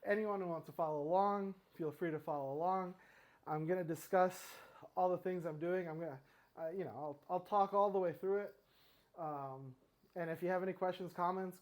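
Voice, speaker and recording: A middle-aged man talking casually through his stretching routine, a little out of breath, rambling with fillers and restarts. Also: high-pitched. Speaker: fitness vlogger. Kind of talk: casual talk while exercising.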